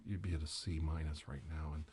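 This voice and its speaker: A man doing a whispered role-play as a comic ASMR host, teasing and mock-soothing, with soft talk and whispers. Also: very deep voice, steady tone, brisk, background noise.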